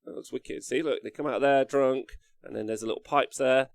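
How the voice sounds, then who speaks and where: A man's voice: medium pitch, steady tone, fairly quick, vocal fry, no room sound. A man hosting a live stream, rambling casually through viewer comments and swearing now and then. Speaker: live-stream host reading chat.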